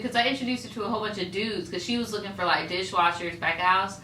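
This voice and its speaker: A woman's voice: medium pitch, fairly even intonation, quick pace, hardly any pauses, bright, forceful tone. A woman co-hosting a casual podcast, chatting loosely with plenty of swearing and laughter. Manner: loose and profane, laughs often. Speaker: podcast co-host. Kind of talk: casual chat. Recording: roomy, distant mic, faint hiss.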